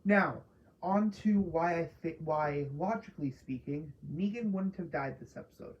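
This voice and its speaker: A woman's voice: fairly low pitch, moderate pace, a little mellow, lo-fi sound. A woman casually ranting through a spoiler review of a TV episode, profane and exasperated, mocking characters she dislikes. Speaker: TV show reviewer.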